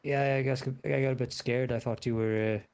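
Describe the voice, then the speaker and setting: Hesitant man with a gravelly voice. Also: mid-range voice, steady tone, normal speed, a little mellow. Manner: hesitant, full of "uh". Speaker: role-play player. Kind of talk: voice chat role-play.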